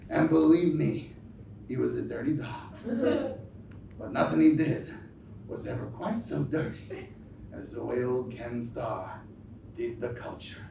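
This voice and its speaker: A man playing an aging filmmaker as talk show host, ranting in live improv comedy, shouting and laughing through his lines. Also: a little high, creaky, noisy background, exaggerated voice. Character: aging male filmmaker, over-the-top, wistful and indignant. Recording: echoey live room from far off with crowd ambience.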